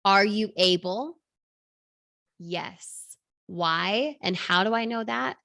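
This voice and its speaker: A woman in her thirties coaching an online class, energetic, firing rhetorical questions at the audience. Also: medium pitch, slow, gravelly. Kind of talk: motivational class talk.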